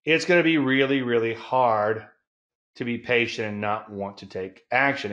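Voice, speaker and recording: A man hosts his own trading talk show in a folksy, emphatic manner. He slows down to lean on key words and chuckles at his own jokes, with his voice sitting at an ordinary middle pitch. The recording is a little dull and lo-fi. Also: a bit bright. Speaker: trading educator and show host. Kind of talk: solo market talk show.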